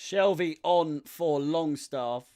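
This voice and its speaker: A man's voice: fairly high pitch, takes it slowly, warm tone. A young man giving casual live commentary on a football match as a fan, swearing freely and sounding exasperated.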